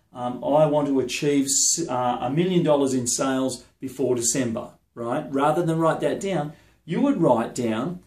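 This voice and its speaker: A man's voice: mid-range voice, darkish tone. Emphatic male coach in a roomy space. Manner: emphatic, repetitive, keeps checking in with the listener. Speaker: business and sales coach. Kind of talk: motivational talk to camera.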